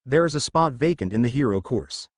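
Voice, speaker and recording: A man's voice: mid-range voice, animated, fairly quick, no echo, studio quality, natural voice. A man voicing an earnest teenage boy hero delivering a heartfelt pledge speech in a fan-fiction reading.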